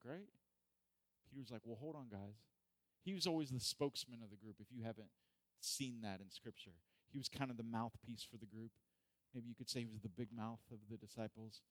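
A man's voice: mid-range voice, dry recording. A man preaching a casual, joking sermon who acts out the people in the story. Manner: animated, joking, acts out voices. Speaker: pastor. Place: church hall.

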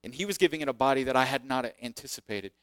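Animated man telling a church story. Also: medium pitch, racing, clean tone, no echo, studio quality. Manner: animated, acts out quoted voices; self-deprecating, candid. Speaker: preacher sharing testimony. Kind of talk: sermon storytelling.

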